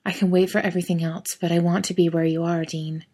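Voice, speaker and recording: A stubborn, earnest young student who talks quietly but won't back down, as a woman reads him. His voice is fairly low and close to the reader's own. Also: level tone, fast talker, lightly acted. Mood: tender. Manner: quiet, insistent.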